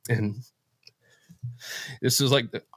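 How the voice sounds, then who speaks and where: A man telling a personal faith story as an interview guest, emotional and halting, often restarting his sentences. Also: mid-range voice, fairly even intonation, a bit bright, slightly rough, no room sound, studio quality. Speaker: podcast guest. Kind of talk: personal faith testimony in conversation.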